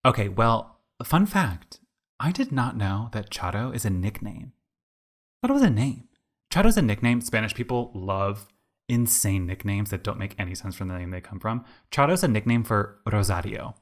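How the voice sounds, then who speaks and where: Chatty young man, lowish voice. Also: normal speed. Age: 20s. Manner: rambling, animated, heavy use of "like". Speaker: podcast co-host. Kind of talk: casual storytelling chat.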